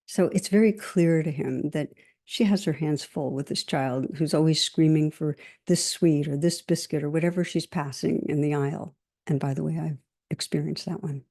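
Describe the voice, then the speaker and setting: A middle-aged woman giving a meditation teacher's dharma talk, gentle and measured, telling stories and listing things slowly. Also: low-pitched.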